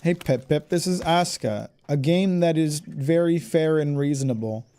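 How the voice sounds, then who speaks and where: A man's voice: fairly high pitch, normal speed, warm tone. A man streaming a live game, ranting in frustration and cursing at the game as he plays. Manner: talks back to the game in exasperated outbursts. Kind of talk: live gameplay commentary.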